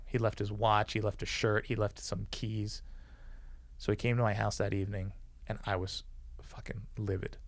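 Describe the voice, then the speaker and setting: Gravelly man telling a story. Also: on the low side, normal speed, dry recording. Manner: animated, acts out quoted dialogue; swears freely. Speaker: podcast guest, former police officer. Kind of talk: casual storytelling.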